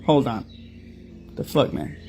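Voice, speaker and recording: A man's voice: medium pitch, big pitch swings, slow pace, creaky, a little mellow, a little hiss or hum. A man hosting a commentary stream, reacting to clips with an emphatic, profane delivery and a rhetorical "right?" after nearly every point.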